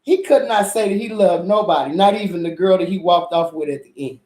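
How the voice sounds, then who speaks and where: A woman's voice: lowish voice, fairly quick, dark tone. A woman host reviewing a drama in a casual, blunt rant, swearing heavily and repeating herself for emphasis. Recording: echoey room.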